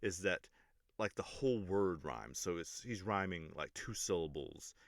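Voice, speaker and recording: Casual English teacher, male, very low voice, rambling but pedantic explainer. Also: a little slow, dry recording, studio quality. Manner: pedantic but relaxed, many ums and restarts. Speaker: English teacher and music reaction host.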